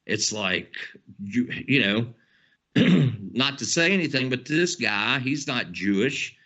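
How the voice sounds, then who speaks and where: A man with a Southern twang rants hard and rambles, swearing freely and tossing in "man" every few phrases. His voice is bright and tense, and the dull lo-fi recording rounds off its top end. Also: medium pitch, animated, takes it slowly. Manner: profane, rambling, says "man" often. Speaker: channel host. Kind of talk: heated political rant to camera.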